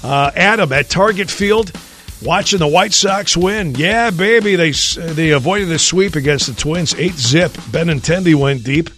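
A man's voice: fairly high pitch, unhurried, a bit bright, soft background music. A man hosting a radio show from the studio, folksy and chatty, greeting listeners by name, with a frog in his throat. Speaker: radio host. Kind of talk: casual radio banter.

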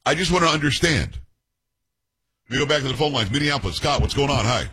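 A man's voice: medium pitch, lively intonation, a little fast, pushed and bright, slightly rough. A male radio talk show host taking calls and telling stories, opinionated and emphatic. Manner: opinionated, emphatic, tells stories in character voices.

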